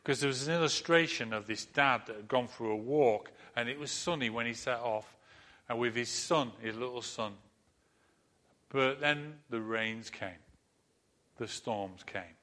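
A man preaching a sermon in an earnest manner, repeating phrases and dropping to a soft, comforting tone. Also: mid-range voice, a little slow. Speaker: pastor.

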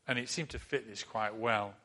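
A man preaching a sermon in an earnest manner, repeating phrases and dropping to a soft, comforting tone. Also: on the low side, moderate pace. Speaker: pastor.

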